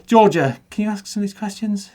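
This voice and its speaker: A man's voice: high voice, brisk, noisy background. A middle-aged man hosting a studio chat show, joking and reading out viewer comments. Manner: jokey, reads out viewer comments. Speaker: show host.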